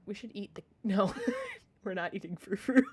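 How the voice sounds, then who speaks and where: A woman's voice: medium pitch, unhurried, a little mellow, husky. A woman playing a story game, reading its narration aloud and chatting between lines in a giggly, chatty way. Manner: giggly, chatty, reads narration then comments. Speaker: let's-play streamer. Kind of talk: casual game playthrough, reading game text aloud.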